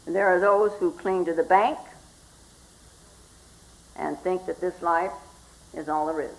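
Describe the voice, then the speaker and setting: An older woman, a Zen teacher, giving a slow, reflective spoken talk and often asking "hmm?" as she goes. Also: lowish voice, steady tone, creaky, rough recording. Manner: slow and reflective, with frequent questioning "hmm?" asides.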